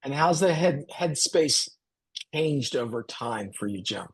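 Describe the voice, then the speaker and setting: A man's voice: medium pitch, expressive, a little slow, husky. A man hosting a panel on a video call, asking loose, rambling questions. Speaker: panel host.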